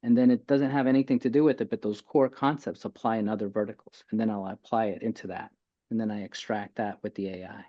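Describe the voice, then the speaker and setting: Energetic middle-aged man, dull lo-fi sound. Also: on the low side, fast. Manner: energetic, explanatory. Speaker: physician guest. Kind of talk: casual interview chat.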